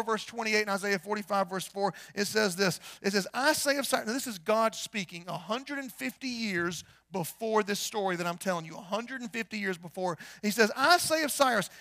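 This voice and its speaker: A pastor preaching a storytelling sermon, swinging between hushed and loud and firing rhetorical questions. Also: male voice, high voice, no echo. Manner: rhetorical questions, repeats words.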